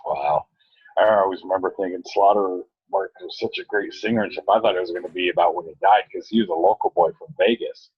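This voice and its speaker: A man's voice: deep voice, a little fast, husky, no room sound. A man talking as a podcast guest in a casual, easygoing chat. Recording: dull lo-fi sound, dry.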